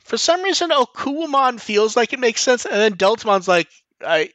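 A man's voice: extremely high pitch, sing-song, normal speed, fairly bright tone, no room sound. A man hosting a podcast in loose casual chat, full of "like", restarts and the odd swear. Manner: rambling, frequent 'like' and restarts, swears casually. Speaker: podcast host.

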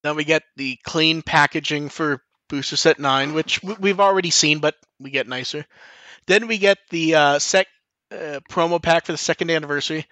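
A man's voice: a little high, normal speed, bright, forceful tone, no room sound. A man hosting a podcast in loose casual chat, full of "like", restarts and the odd swear. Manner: rambling, frequent 'like' and restarts, swears casually. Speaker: podcast host.

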